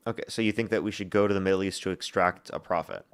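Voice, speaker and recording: Man hosting a live debate stream, deep and smooth voice, calm, argues with filler words. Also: fast. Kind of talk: casual debate.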